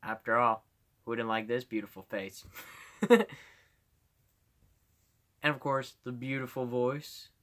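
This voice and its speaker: A man's voice: medium pitch, slow, pauses often, a bit bright. A male streamer chatting casually on a live stream, rambling and giggling, with lots of "like".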